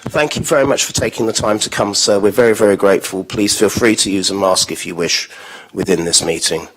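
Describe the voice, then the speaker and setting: A low, husky-voiced man chairs a council meeting. He speaks courteously, with small hesitations and fillers as he thanks people and invites the next speaker. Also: fairly quick, a bit bright, rough recording.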